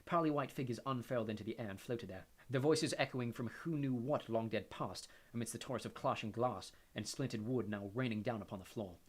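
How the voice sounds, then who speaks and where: A man's voice: medium pitch, a little fast, few pauses. Man narrating an audiobook.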